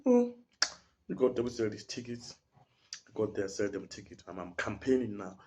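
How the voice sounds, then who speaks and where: A man's voice: fairly low pitch, huge pitch swings, moderate pace, dull audio, noisy background. A young man with a South African accent, telling a story in a casual podcast chat, full of slang and acting out the people in it. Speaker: podcast guest.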